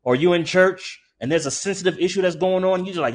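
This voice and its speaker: A man preaching a sermon who talks casually with the congregation and slows way down to read scripture aloud. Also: high-pitched. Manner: conversational, animated preaching with frequent asides to the congregation.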